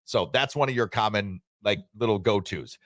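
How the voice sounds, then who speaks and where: Radio host, man, joking and rambly, lowish voice, dry studio sound. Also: moderate pace, fairly bright tone, dry recording. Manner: joking, rambling, reads listener messages aloud. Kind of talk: casual sports talk radio chat.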